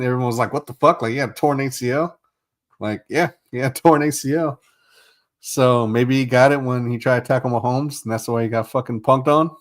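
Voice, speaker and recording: Profane, exasperated man ranting about sports. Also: mid-range voice. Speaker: podcast host. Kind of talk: casual sports podcast monologue.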